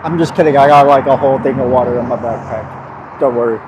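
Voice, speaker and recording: A man's voice: mid-range voice, moderate pace, dull audio, noisy background. A young man vlogging outdoors in casual, rambling chat, swearing and laughing at himself, his mouth sore and swollen so he stumbles over words.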